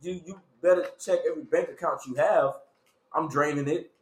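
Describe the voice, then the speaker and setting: A man's voice: fairly high pitch, steady tone, fairly quick. A young man co-hosting a podcast, playful and stammering. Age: young adult. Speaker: podcast co-host. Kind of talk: casual podcast banter. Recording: echoey room with faint noise.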